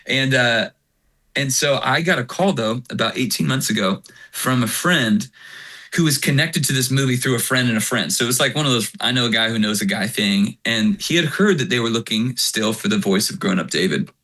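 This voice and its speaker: Picture a man in his forties chatting as an interview guest. His voice is bright and forceful at a middle pitch, and he tells stories with energy, slipping into the voices of the people in them. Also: fairly quick. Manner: animated storyteller who acts out quoted lines. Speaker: interview guest, worship singer. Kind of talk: casual interview chat.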